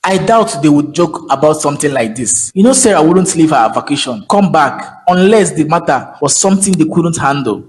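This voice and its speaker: A man's voice: on the high side, lively intonation, moderate pace, few pauses, close to an everyday voice, low-quality recording. A man voicing a concerned young friend in a cartoon, asking probing questions. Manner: probing, earnest.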